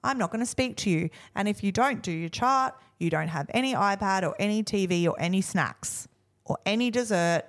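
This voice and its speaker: A woman's voice: mid-range voice, brisk. Chatty woman, self-mocking banter. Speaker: podcast co-host. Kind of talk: casual chat.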